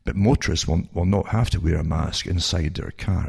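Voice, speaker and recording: A man's voice: steady tone, moderate pace, darkish tone. An older man with a Scottish accent hosts a talk show, reading news items aloud and breaking off into sarcastic asides and rhetorical questions. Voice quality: very creaky, rough low voice. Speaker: radio talk show host.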